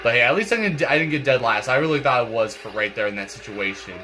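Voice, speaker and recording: A young man who hosts a gaming channel talks fast and animated at medium pitch, rambling through casual gameplay commentary with many fillers and repeated words. He's stuffy, congested and clearing his throat, with game music behind him.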